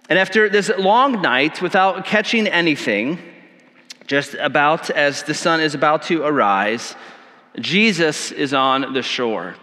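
A man preaching a sermon, his voice bright and fairly high. He talks in a chatty, self-deprecating way and often stumbles over the start of a phrase. The sound carries a long reverb from a church hall. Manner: conversational, self-deprecating storytelling with stammered restarts. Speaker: pastor.

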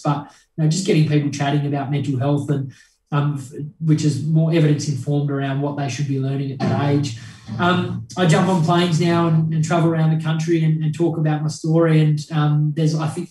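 A man's voice: fairly high pitch, warm tone. Earnest man, roomy and distant. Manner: earnest, reflective, many ums and restarts. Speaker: guest, mental health charity founder. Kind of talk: conversational interview. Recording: roomy echo, mic at a distance.

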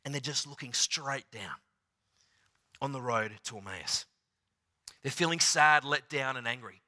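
Male preacher, bright ringing tone, theatrical sermon delivery that drops to near-whispers. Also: medium pitch, unhurried. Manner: dramatic, swings from loud to hushed, retells scenes in acted voices.

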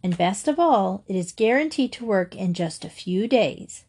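A woman reading aloud and voicing a cheerful, kindly older woman in a storybook, in a bright and reassuring way. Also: mid-range voice, lively intonation, normal speed, slightly rough. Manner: bright, gently amused, reassuring.

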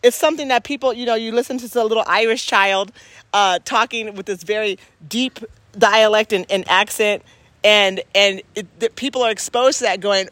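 A woman's voice: medium pitch, moderate pace, fairly bright tone, dry recording. A woman in casual reflective talk, speaking earnestly and emphatically and restarting her sentences as she thinks aloud.

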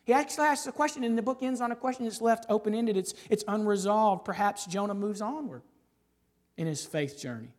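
A man preaching a sermon in a conversational, animated way, often checking in with his listeners and rising to stress points. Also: high-pitched, a little fast. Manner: conversational, frequent "right?" asides. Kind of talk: expository sermon.

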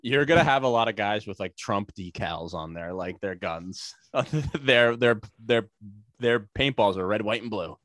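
A man's voice: lowish voice, expressive, measured pace, fairly bright tone, dry recording. A man on a casual podcast, telling a long rambling story full of fillers, profanity and sarcastic asides.

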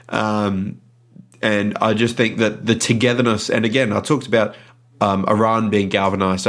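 Rambling man, low voice. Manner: rambling, frequent ums and restarts. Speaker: podcast co-host. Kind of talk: casual football chat. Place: lives in Adelaide.

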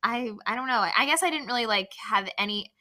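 Young woman, panel speaker, casual and rambling, slightly higher pitch. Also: lively intonation, fast talker, bright, forceful tone. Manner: rambling, many fillers and restarts. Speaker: event panelist. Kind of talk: casual chat.

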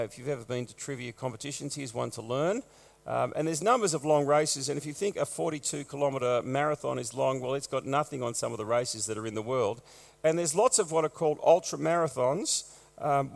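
Male pastor, gravelly, post-viral cough, wry conversational delivery, echoing church hall. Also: mid-range voice. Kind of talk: church notices and sermon.

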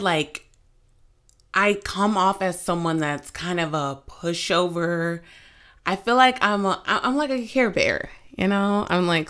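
A woman in her twenties hosting a casual podcast, telling stories in an animated, giggly way with sudden loud outbursts. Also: mid-range voice. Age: 20s. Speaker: podcast host. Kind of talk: casual chat.

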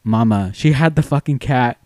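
A young man co-hosting a podcast, telling a story in casual chat, animated and swearing freely as he acts out quoted voices. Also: mid-range voice, normal speed, no room sound, clean studio sound. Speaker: podcast co-host.

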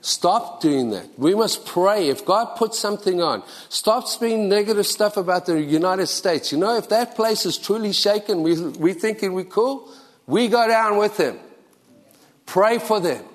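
Man, pastor, sermon, exhorting, repeats phrases, slightly high voice, long church reverb. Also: expressive, unhurried. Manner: earnest, exhorting, repeats for emphasis. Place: church sanctuary.

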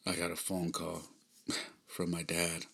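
A man in his thirties hosting a podcast, telling a personal story in a subdued, halting way with frequent sighs. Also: deep voice, completely flat delivery, creaky, bright, forceful tone, husky. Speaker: podcast host.

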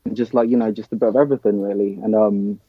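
A man's voice: fairly low pitch, fast, no echo, highs cut off. A young man from Nigeria, a band's drummer, chatting casually in an interview and often saying "um" and "man". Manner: relaxed, filler-heavy, says man and dude. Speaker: band drummer.

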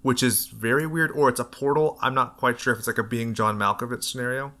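A man hosting a spoiler podcast, chatting casually and retelling a story with animated voiced quotes. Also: medium pitch, quick pace. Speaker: podcast host. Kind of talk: casual chat.

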